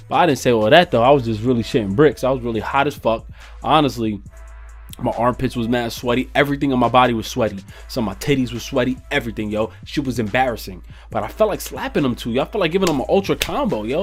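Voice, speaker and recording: A man's voice: medium pitch, animated, quick pace, faint music behind. A man telling a profane, slangy story in a casual vlog. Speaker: vlogger.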